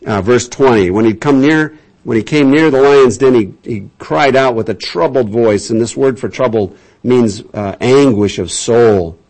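A man's voice: mid-range voice, a little slow, hardly any pauses, a little mellow. A man teaching from the Bible in a conversational sermon, with a folksy, chatty storytelling manner and mid-range voice. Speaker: pastor.

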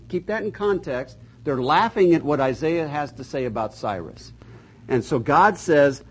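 Older guy teaching bible class, husky voice, folksy and jokey, leans hard on the verses. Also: on the high side, lively intonation, moderate pace, poor audio. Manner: folksy, joking, reads scripture aloud with emphasis.

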